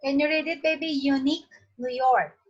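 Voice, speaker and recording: Woman, high voice, coaxing, home practice, faint music behind. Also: fairly even intonation, normal speed, highs cut off. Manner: coaxing, prompting repetition.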